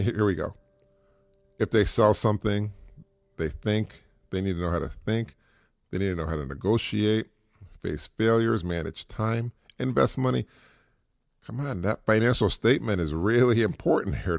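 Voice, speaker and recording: Middle-aged male podcast host, low gravelly voice, earnest and repetitive, faint music bed. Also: no echo. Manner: earnest, repetitive, chuckles at his own points. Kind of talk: casual advice monologue.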